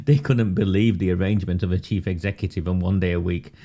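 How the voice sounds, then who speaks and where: This man's low, mellow voice moves fairly quickly as he chats live with viewers about local politics. There's a sarcastic, mocking edge throughout, and he frequently bursts out laughing.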